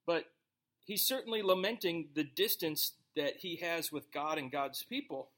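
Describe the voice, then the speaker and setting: A man with a notably high voice leads a sermon, moving between reading scripture aloud and explaining it in a loose, conversational way. His delivery is animated and informal, like a pastor talking with his congregation. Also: a little slow. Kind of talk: expository sermon.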